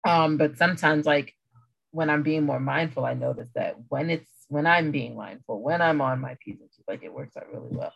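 A woman's voice: low voice, moderate pace, vocal fry, no room sound, muffled recording. A woman hosting a podcast conversation from home, talking casually with lots of "like" and self-corrections. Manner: rambling, heavy use of "like", self-correcting. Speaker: podcast host, homeschooling parent. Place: at home, kids nearby. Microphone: video or audio call.

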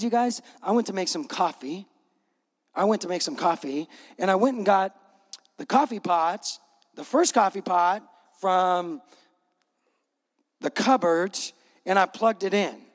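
A man with a high voice preaches to his congregation, telling the story with humor and slipping into voices for the people in it. His words ring out with the long reverb of a large hall. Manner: animated storytelling with acted-out voices. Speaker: pastor. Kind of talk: sermon.

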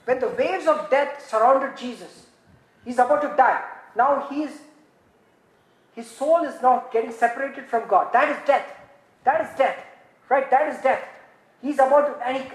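A woman preaching a sermon, swinging dramatically from hushed tones to shouting. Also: sits high. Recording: echoey room, faint ambient noise.

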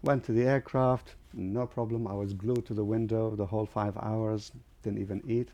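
A man's voice: fairly low pitch, steady tone, normal speed, dark tone, lo-fi sound. An older man from Lebanon, telling his life story as a vivid storyteller in an interview. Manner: vivid storyteller, acts out other people's voices. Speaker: guest, airline founder.

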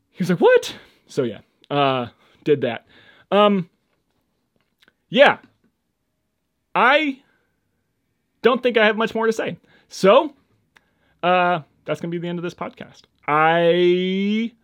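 A young man hosting his first solo podcast, rambling with lots of fillers, his voice jumping between loud and quiet as he drifts on and off the microphone. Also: no echo. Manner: rambling, lots of fillers, swings in loudness and pitch. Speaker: podcast host. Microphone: home microphone, moves on and off it.

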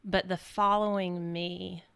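A woman's voice: on the low side, flat delivery, takes it slowly, vocal fry, a bit bright, clean tone. A woman hosting a faith podcast, reflecting on the guest's story in an affirming way. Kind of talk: casual faith conversation.

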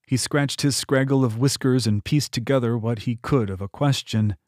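A man reading a novel aloud in steady, scripted audiobook narration on a close mic. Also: mid-range voice, normal speed, few pauses, no echo. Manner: steady storytelling delivery.

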